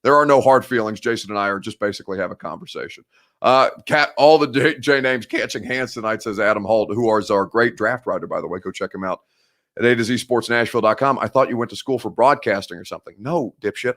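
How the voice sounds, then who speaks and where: A young man with a Midwestern American accent hosts a sports talk show at a middling pitch. He rants with heated, sarcastic energy and swears freely, the way a host does when a listener gets under his skin. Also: quick pace, fairly bright tone. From Indiana.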